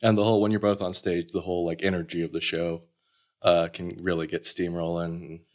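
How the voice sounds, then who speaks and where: A man, a sketch comedian, chatting in a casual interview, relaxed and hesitant, with self-mocking laughs. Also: sits low, brisk.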